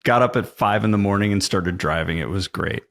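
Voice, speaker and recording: A middle-aged man on a podcast, chatting casually in a lowish voice. He tells stories with lots of laughter and bursts of energy, his pitch swinging up when he gets excited. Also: fairly quick, gravelly. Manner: animated, laughs often while telling stories. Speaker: podcast guest. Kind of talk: casual chat, storytelling.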